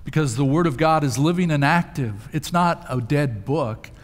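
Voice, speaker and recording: A male pastor delivers a sermon in a slightly higher voice, moving between storytelling and emphatic rises. His words ring out with a long reverb from a large church sanctuary. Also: normal speed.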